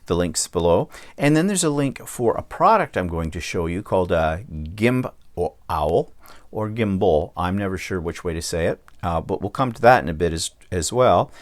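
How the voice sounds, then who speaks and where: A man hosting his own vlog, ranting bluntly and checking in with the viewer as he goes. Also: on the low side. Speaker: vlog host. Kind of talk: casual vlog rant.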